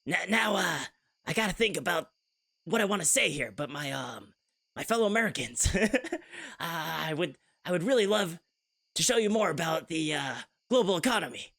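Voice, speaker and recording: A man doing an impression of a measured, statesmanlike male president, speaking with a slow, deliberate cadence, long pauses and drawn-out "uh"s. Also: fairly high pitch, lively intonation, vocal fry, fairly bright tone, heavily acted. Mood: presidential. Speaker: streamer.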